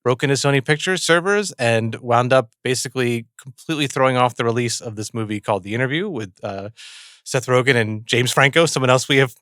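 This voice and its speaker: A male podcast guest talks quickly and loosely, piling up "like" and "you know" as he tells a story. His voice sits in a middle register and sounds close and dry. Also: medium pitch, fairly bright tone, no echo. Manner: chatty, storytelling, many fillers. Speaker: podcast guest and host of a series. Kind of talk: casual chat.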